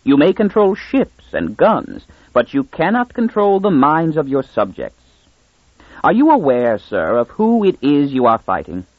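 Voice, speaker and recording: A man reading aloud, voicing a very old first minister who speaks softly and calmly. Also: a little high, no room sound, dull audio, voice pushed up, exaggerated voice. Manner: calm, soft, measured.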